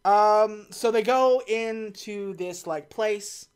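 A woman co-hosting a casual movie podcast, recapping scenes and slipping into quick deadpan voices for the characters. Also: medium pitch, smooth. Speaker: podcast co-host.

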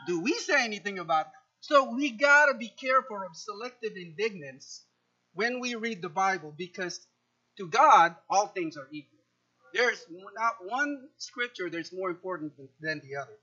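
A man preaching a sermon, animated, often repeating words and acting out quoted speech with sudden loud jumps. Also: sits high, normal speed, lo-fi sound. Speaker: pastor.

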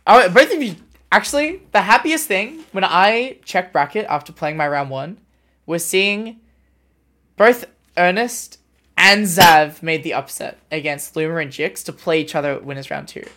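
A man, co-hosting a casual podcast and telling fast, animated stories full of "like". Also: sits high. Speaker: podcast co-host. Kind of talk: casual chat.

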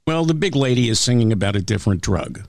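A man's voice: mid-range voice, lively intonation, fast talker, a little mellow, dry recording, studio quality. A man co-hosting a comedy podcast, chatting playfully and easily. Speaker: podcast co-host. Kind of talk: casual comedic chat.

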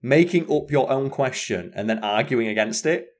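A man's voice: mid-range voice, expressive, moderate pace. A man co-hosting a stream in casual chat, blunt and swearing often.

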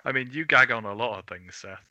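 A man co-hosting a podcast, chatting casually and teasing his co-host with deadpan jokes. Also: mid-range voice, fast. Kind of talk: casual chat.

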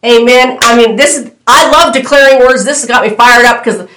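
A woman's voice: on the high side, normal speed, fairly bright tone. A woman delivering a prophetic word to her viewers, fervent and repetitive, speaking directly to them with bold declarations. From United States. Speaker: prophetic minister. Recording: echoey room.

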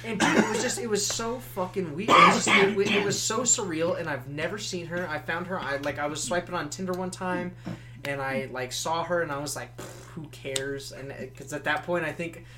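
A man's voice: sits high, fairly quick, a loud crowd. A man in his twenties telling a story in casual, profane podcast chat. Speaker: podcast guest.

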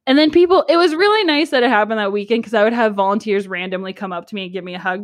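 A young woman in her twenties co-hosting a podcast, telling a story in a casual chat, animated and giggly with lots of "like". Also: medium pitch, racing, hardly any pauses. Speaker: podcast co-host.

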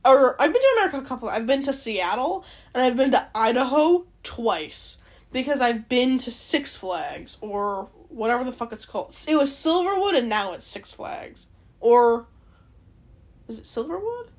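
A woman's voice: on the high side, big pitch swings, normal speed. A young Canadian woman hosting a podcast, rambling casually, swearing a lot and laughing often. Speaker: podcast host. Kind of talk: casual solo chat.

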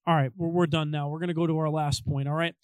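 A man's voice: on the high side, little pitch movement, fast talker, a little mellow, clear, resonant tone, no echo, low-quality recording. A young adult man, a pastor, talking casually, emphatic and joking. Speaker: youth pastor. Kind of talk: casual chat.

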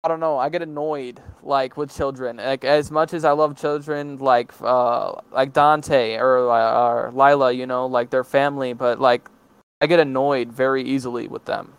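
A man's voice: mid-range voice, fairly even intonation, moderate pace, clear, resonant tone, no room sound, low-quality recording. A young man of nineteen chatting casually as a podcast guest, hesitant and full of fillers and restarts. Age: teens. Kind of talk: casual chat.

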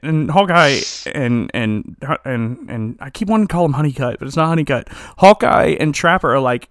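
A man's voice: medium pitch, expressive, moderate pace, hardly any pauses, no room sound, clean studio sound. A man hosting a podcast, casually recapping an episode in a rambling, joking way with many restarts. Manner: rambling, joking, self-correcting. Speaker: podcast host.

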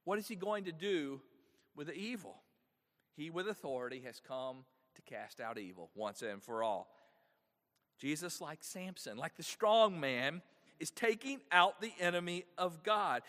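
Expressive preacher in an echoing hall. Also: male voice, fairly high pitch, measured pace. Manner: expressive preaching with rhetorical questions. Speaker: pastor. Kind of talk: sermon. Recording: long echo of a large hall.

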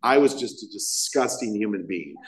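A man's voice: fairly low pitch, lively intonation, normal speed. A man in his thirties sharing his recovery story from a podium, rambling and self-mocking, with lots of fillers. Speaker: recovery meeting speaker. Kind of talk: personal story at a recovery meeting. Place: meeting hall. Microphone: podium microphone.

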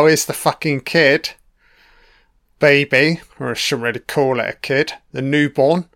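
Young male commentator, slow and smooth, profane and wry. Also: medium pitch, fairly bright tone. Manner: profane, wry running remarks. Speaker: film commentator. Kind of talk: casual film commentary.

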